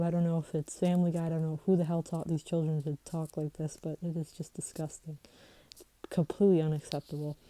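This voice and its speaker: A woman vlogger with a fairly low-pitched, dark voice tells a story in a casual vlog, rambling and heated. She swears and restarts often, and the recording is rough.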